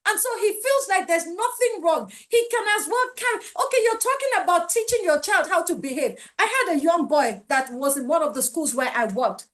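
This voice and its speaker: Emphatic Nigerian woman, high voice. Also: expressive, moderate pace, hardly any pauses, fairly bright tone. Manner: emphatic, pleading, preachy. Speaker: parenting speaker. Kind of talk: webinar talk.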